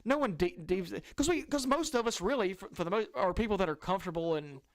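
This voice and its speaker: Man, casual chat, halting, stumbling restarts, slightly high voice, dry sound. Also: expressive, no room sound. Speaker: podcast co-host.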